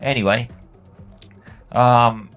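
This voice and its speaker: A man's voice: medium pitch, steady tone, very slow, a bit bright, faint music behind. A man telling a long, profane story about work while he plays a game. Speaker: gaming channel host. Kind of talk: rambling anecdote while playing a game.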